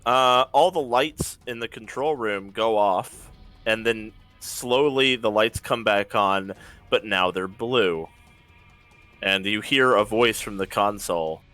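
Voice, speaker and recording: A man running a tabletop role-playing game as game master, narrating scenes and calling the rolls in a lively way. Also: fairly low pitch, slow, soft background music. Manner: lively, animated narration and rulings.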